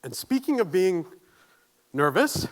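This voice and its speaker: A man's voice: sits high, very animated, slow pace. A man giving a conference keynote, nervous but earnest, asking the audience questions and joking at his own expense. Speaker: keynote speaker. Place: conference stage.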